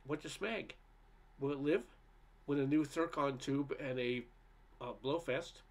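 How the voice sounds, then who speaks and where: A man voicing a brusque male washer repairman who rattles off garbled jargon. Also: medium pitch. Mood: mumbling. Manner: garbled jargon, slow and offhand.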